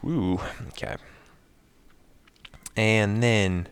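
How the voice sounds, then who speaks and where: A man's voice: low-pitched, unhurried, vocal fry, a bit bright, clear, resonant tone. A man giving casual gameplay commentary while he builds, talking to himself, counting items aloud and explaining each step to his viewers.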